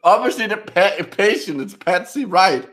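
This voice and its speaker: A man hosting a relaxed online stream, his slightly high voice full of lively ups and downs. He reads the news with many restarts and giggles at his own slips. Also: normal speed. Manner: giggly, stumbling, self-mocking. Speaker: host of a video review stream. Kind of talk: casual banter, reading aloud.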